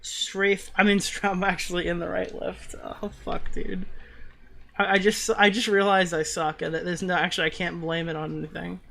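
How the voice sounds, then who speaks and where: A man's voice: high voice, little pitch movement, moderate pace, gravelly, pushed and bright. A man with a New York accent streaming a game live, chatting casually with viewers and swearing in frustrated outbursts at his gameplay. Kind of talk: live gaming stream chat.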